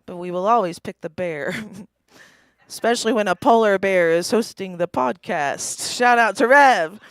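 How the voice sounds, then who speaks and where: A woman's voice: mid-range voice, measured pace, smooth, dry recording. Wry mid-forties woman doing stand-up. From East Tennessee. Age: 40s. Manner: wry, self-deprecating, laughs at own jokes. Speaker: stand-up comedian. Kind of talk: stand-up comedy set. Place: small live comedy venue.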